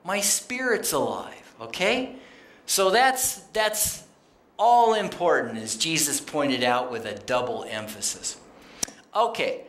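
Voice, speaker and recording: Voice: medium pitch, big pitch swings, slow pace, a bit bright. A guest speaker giving a conversational sermon in a church sanctuary, plainspoken and quoting scripture, talking straight to the congregation. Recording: roomy church acoustics.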